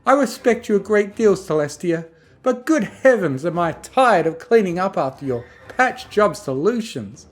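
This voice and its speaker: A man's voice: high voice, big pitch swings, moderate pace, pitched above the performer's own voice. Rarity, a man voicing a prim dramatic unicorn lady. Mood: indignant. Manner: haughty, exclamatory. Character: prim refined female unicorn, theatrical and dramatic.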